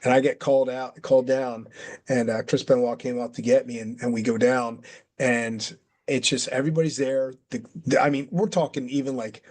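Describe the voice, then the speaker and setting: A man's voice: medium pitch, moderate pace. Middle-aged man acting out a backstage story. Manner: animated, acts out quotes, many fillers. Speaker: retired pro wrestler guest. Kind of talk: casual storytelling.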